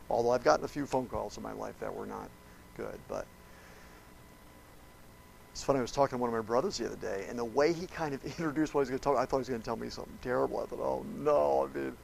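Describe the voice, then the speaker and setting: Gravelly preacher telling a dramatic story. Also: male voice, mid-range voice, a little hiss or hum, poor audio. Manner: dramatic storytelling, swings from hushed to loud; addresses listeners directly. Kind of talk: sermon.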